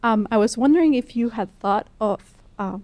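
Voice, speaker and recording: A woman's voice: a little high, moderate pace, a little mellow. A woman in a lecture audience, a Spanish teacher, asking a long, wordy question and running herself down along the way. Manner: wordy, self-deprecating question. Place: lecture hall.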